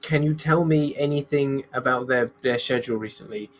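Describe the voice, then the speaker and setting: A man's voice: mid-range voice, normal speed, close to an everyday voice. A man voicing a polite, earnest superheroine, speaking in his own voice. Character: polite superheroine questioning a neighbour.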